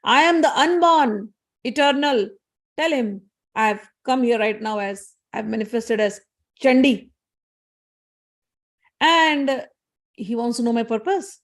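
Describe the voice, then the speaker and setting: A woman voicing a proud warrior goddess who makes slow, emphatic declarations of her own power. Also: a little high.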